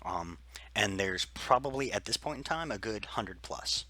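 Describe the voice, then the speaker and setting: Game master, male, low and bright, rambling scene-setter full of ums. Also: expressive, moderate pace. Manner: loose, rambling description full of fillers. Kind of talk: narrating a tabletop game.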